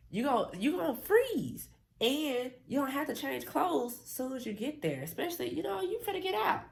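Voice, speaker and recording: A woman vlogger casually telling a story straight to her viewers, slangy and animated. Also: medium pitch.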